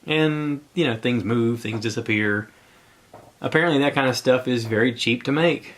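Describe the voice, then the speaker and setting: On his solo podcast, a man wanders from thought to thought in a casual tone, a touch breathless. The voice sits in the middle range, fairly bright, delivered at an ordinary speed.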